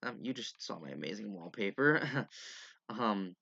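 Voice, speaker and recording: A man's voice: lowish voice, big pitch swings, a little slow, vocal fry, sharp tone, dull audio. A young man giving a rambling, profane, exasperated casual rant over gameplay as a gaming YouTuber.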